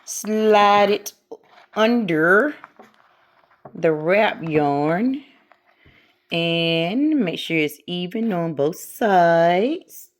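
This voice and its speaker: A woman's voice: fairly low pitch, animated, very slow, long pauses. A middle-aged woman hosting a casual how-to craft tutorial, chatting and talking herself through each step as she works.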